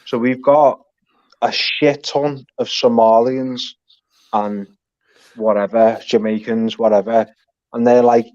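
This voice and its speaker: A Liverpool man with a broad Scouse accent talks bluntly, punctuating points with swearing and emphatic asides. His voice sits at an ordinary pitch, heard through dull, lo-fi stream audio. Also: flat delivery, slow, darkish tone. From Liverpool, England. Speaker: guest on a live stream. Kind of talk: casual heated chat.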